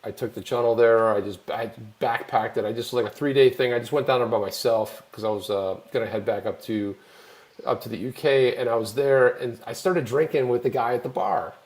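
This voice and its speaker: An American man hosting a live online show, telling rambling, animated travel anecdotes in casual chat. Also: mid-range voice, a little fast. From United States. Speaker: show host.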